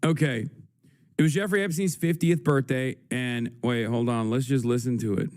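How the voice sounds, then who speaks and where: A man's voice: medium pitch, fairly even intonation, moderate pace, a little mellow. Frantic swearing young male streamer. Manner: frantic, swearing, thinking aloud. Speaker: livestream host. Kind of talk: casual livestream commentary.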